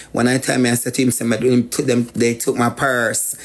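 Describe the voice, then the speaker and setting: A man's voice: mid-range voice, flat delivery, a little fast, hardly any pauses. A man with a Jamaican accent tells a personal story as a guest, repeating phrases for emphasis. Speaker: guest sharing life story.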